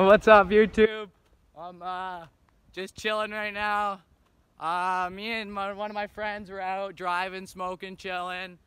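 There's slight background noise as a young Canadian man vlogs outdoors and in a car, phone camera held at arm's length. His voice sits high and sounds a bit bright, and he talks in a rambling, easygoing way packed with slang.

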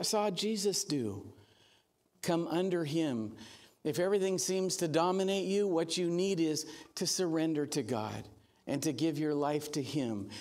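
Pastor guy preaching slow in a high voice, earnest w some jokes, acts out quotes, church sermon. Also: darkish tone.

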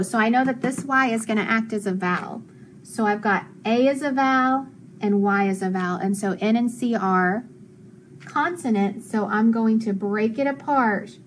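A woman teacher walks children through a phonics lesson, breaking words into syllables and sounding each one out slowly and clearly. Her voice sits at a medium pitch, and she keeps a patient, encouraging tone. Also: a little hiss or hum, poor audio.

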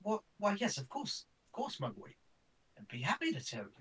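A man's voice: high-pitched, huge pitch swings, brisk, distant mic, noisy background, voice pushed up. A man voicing a fussy, absent-minded male scholar who stammers and speaks in a genteel, old-fashioned way. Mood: welcoming. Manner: genteel, stammering, calls others "my boy" and "old chap".

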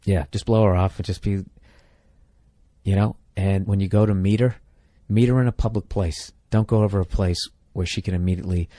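A man's voice: low-pitched, warm tone, no echo. A man from the United States, a podcast host giving comedic advice in a blunt, profane, rambling rant.

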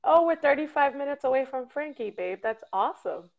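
A woman's voice: sits high, lively intonation, brisk, vocal fry, phone-quality sound. A woman co-hosting a casual ministry livestream, moving between Spanish and English and laughing often.

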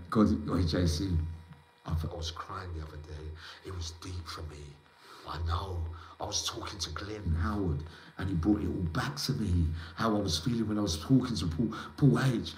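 A rambling man hosts a live chat, slangy and emotional, greeting viewers one by one. His voice sits fairly low. It rings in an echoey room. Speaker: livestream host.

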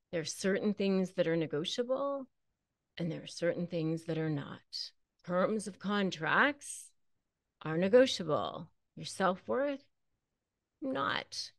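A woman speaks straight to the listener in an emphatic advice-giving tone, hammering home short phrases by repeating them. Her pitch sits mid-range for a woman. The recording is close and dry, with no room echo. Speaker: attorney and channel host. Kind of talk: direct advice to camera.

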